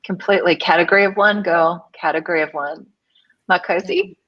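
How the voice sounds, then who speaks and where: A woman's voice: fairly low pitch, steady tone, brisk, no room sound. A woman hosting a panel discussion, effusive and affirming as she introduces questions. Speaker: panel host. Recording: dull dry lo-fi audio.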